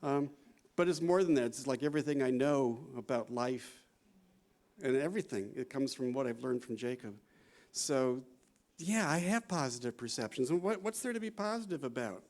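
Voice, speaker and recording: With an animated, mid-range voice that's a little mellow, a man in his sixties speaks at a moderate pace. He's a psychology professor whose conference lecture feels conversational, full of "you know," "right?" and laughter.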